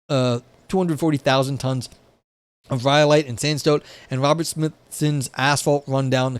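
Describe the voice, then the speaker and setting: Indoors at a window-side desk, a young man reads philosophy aloud for his live stream and reacts with wry, profane asides heavy on "like" and restarts. His voice is mid-range, with no echo.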